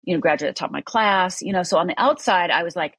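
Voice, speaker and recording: A woman's voice: fairly low pitch, fast, fairly bright tone, slightly rough, no echo. A middle-aged woman from Upper Michigan, telling a personal story as a podcast guest in an earnest, candid way with many fillers.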